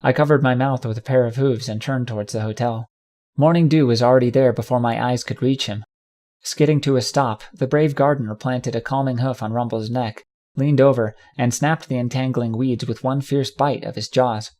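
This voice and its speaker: A man's voice: mid-range voice, normal speed. Man narrating a dramatic audiobook. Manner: dramatic, steady storytelling. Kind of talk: first-person fanfiction audiobook reading.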